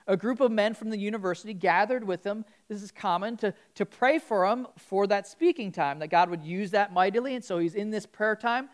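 A woman preaching a casual, conversational sermon in a church, often restarting words and growing animated as she tells a story. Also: medium pitch.

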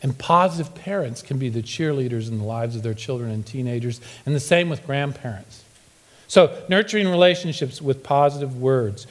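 Speaking at a moderate pace in a mid-range voice, a middle-aged pastor gives a humorous sermon in the church sanctuary. His delivery is playful storytelling, with quotes acted out.

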